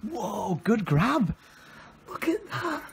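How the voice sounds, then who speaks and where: Excitable young man. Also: very high voice, creaky, crowd noise. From England. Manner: excitable, laughing, quick exclamations. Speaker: vlogger. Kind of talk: casual vlog chat. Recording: faint background noise.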